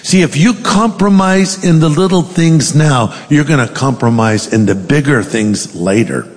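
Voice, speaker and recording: A man's voice: on the high side, expressive, measured pace, long reverb tail. A male pastor preaching a sermon, reading scripture aloud with dramatic emphasis.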